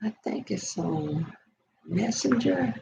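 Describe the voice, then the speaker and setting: A woman's voice: mid-range voice, lively intonation, slow, creaky, dark tone. An older woman hosting a casual vlog, telling a meandering story and talking straight to her live viewers. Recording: dull lo-fi sound with faint noise.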